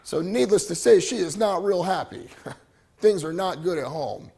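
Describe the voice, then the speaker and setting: A middle-aged man giving an animated storytelling presentation to a live audience, often checking in with "right?". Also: sits high, unhurried, gravelly, a little hiss or hum. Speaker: motivational speaker.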